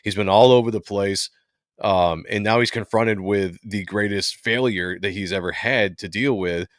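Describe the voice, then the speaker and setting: A man hosting a casual comic book livestream, chatting in a relaxed way and reading comic lines aloud. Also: lowish voice, normal speed, no room sound, studio quality. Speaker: host.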